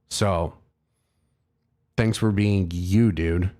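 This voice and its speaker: A man's voice: fairly low pitch, a little slow. A man hosting a livestream, telling a long, rambling, profane and self-mocking story to his chat. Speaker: livestream host. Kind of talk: casual storytelling to a live chat.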